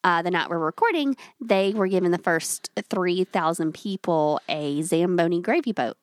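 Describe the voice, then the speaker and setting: A woman's voice: on the low side, animated, moderate pace, no room sound. A woman co-hosting a podcast with casual chat and wry, joking asides. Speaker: podcast co-host.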